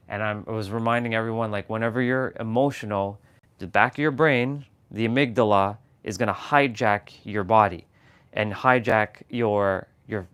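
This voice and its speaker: A man hosting a casual motivational livestream from home, speaking candidly and a bit low on energy, rambling through restarts. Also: a bit bright, clean tone. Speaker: livestream host. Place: at home, downstairs. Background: tuning fork tones.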